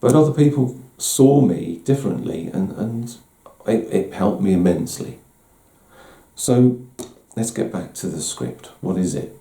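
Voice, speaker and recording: This middle-aged male host has a low, creaky, mellow voice that stays animated while keeping a measured pace. He talks candidly about himself, poking fun at his own expense and frequently restarting his words, in a room with a roomy echo.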